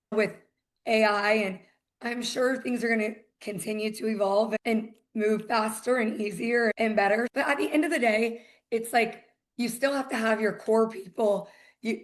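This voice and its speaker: A woman's voice: fairly high pitch, fairly even intonation, moderate pace. Chatty woman with a Southern accent. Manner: chatty storyteller, acts out quoted exchanges. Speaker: title company executive, podcast guest. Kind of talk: casual podcast chat.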